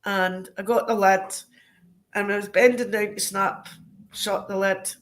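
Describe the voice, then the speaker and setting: A woman with a Scottish accent, a podcast guest telling animated anecdotes in a casual way. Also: medium pitch, measured pace. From Scotland. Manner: lively, animated anecdotes broken by frequent laughter. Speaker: podcast guest, crime scene cleaner. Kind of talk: casual storytelling.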